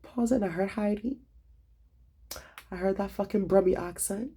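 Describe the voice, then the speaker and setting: A young man, a student, retelling his day in a casual vlog, animated and dramatic, swearing freely. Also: high voice, moderate pace, husky.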